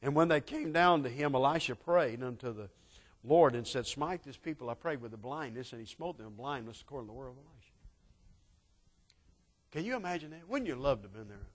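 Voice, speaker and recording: Preacher in a reverberant hall. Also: male voice, a little high. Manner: dramatic storytelling preaching, acting out quotes, swinging loud to soft. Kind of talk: sermon.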